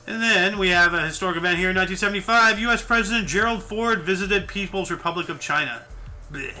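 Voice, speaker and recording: A man's voice: high voice, fast, pushed and bright, soft background music. A man co-hosting a casual history show, reading out dates and events and joking between them. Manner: jokey, reads out dates and events. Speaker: co-host reading history facts. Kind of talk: casual chat.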